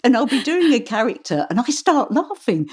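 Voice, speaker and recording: A middle-aged woman, an audiobook narrator, talking in an interview in a chatty, animated way and laughing often. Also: fairly high pitch, moderate pace, slightly rough. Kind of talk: interview conversation.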